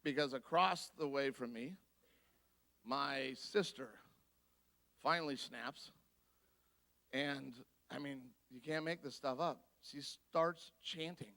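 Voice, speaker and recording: A man giving a guest sermon, telling a personal story in an animated way and acting out the voices of the people in it. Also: medium pitch, takes it slowly, vocal fry, pauses often. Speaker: guest speaker. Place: church.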